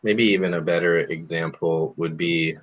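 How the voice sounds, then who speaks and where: A man's voice: sits low, fairly even intonation, moderate pace, dull audio. A man teaching an online group language lesson over a computer, patiently explaining and repeating phrases for students to copy. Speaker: Spanish teacher.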